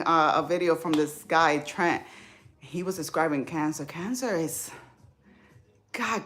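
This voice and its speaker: A woman hosting a casual live stream, talking with viewers in an informal, emotional, chatty way. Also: on the low side. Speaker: livestream host.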